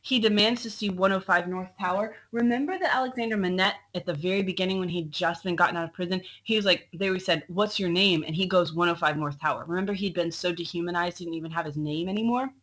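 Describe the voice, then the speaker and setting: A woman's voice: on the low side, quick pace, few pauses, a bit bright, rough recording. A woman teacher recording a slideshow lecture for her students, chatty and full of ums, talking straight to the class. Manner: chatty, frequent ums, addresses students directly. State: coughing, throat a bit choked. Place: at a computer, screen recording.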